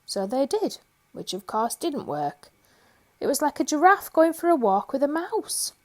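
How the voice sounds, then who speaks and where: A woman storyteller reading a children's picture book aloud, gentle and expressive. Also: high-pitched, a little slow.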